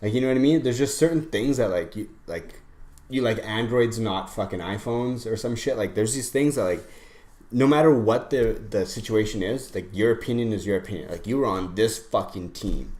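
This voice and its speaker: A man's voice: lowish voice, normal speed, darkish tone. A young man co-hosting a casual podcast who talks in a rambling, profane way, full of fillers. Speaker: podcast co-host. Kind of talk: casual chat. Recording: roomy echo, faint background noise.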